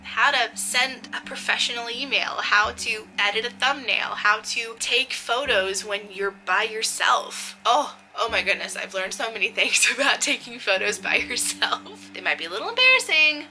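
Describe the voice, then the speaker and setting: A woman's voice: a little high, animated, normal speed, few pauses, sharp tone, faint music behind, low-quality recording. A young woman vlogging in a casual chat to camera, talking chattily and laughing often.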